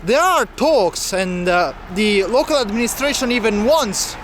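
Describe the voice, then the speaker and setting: A man's voice: high voice, lively intonation, unhurried, fairly bright tone, a little hiss or hum. A man walking city streets as a travel vlogger, chatting and explaining local facts to the camera. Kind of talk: walking travel vlog narration.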